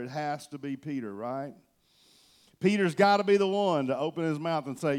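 A male pastor preaching a sermon from a church stage, telling the story with animation and swinging between loud and soft. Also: on the high side, big pitch swings, a little fast, long pauses.

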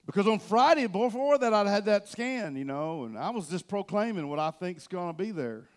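A male pastor preaching a sermon from a church stage, telling the story with animation and swinging between loud and soft. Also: sits high, big pitch swings, moderate pace.

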